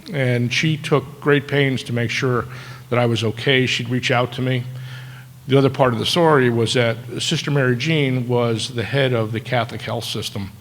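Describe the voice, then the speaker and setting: A man in his sixties speaks from a podium microphone, telling stories at a ceremony with a dry, self-deprecating wit. His voice sits at an ordinary middle pitch for a man. A long reverb trails each phrase through a large auditorium. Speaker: keynote speaker. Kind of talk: storytelling ceremony speech. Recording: echoey hall with long reverb.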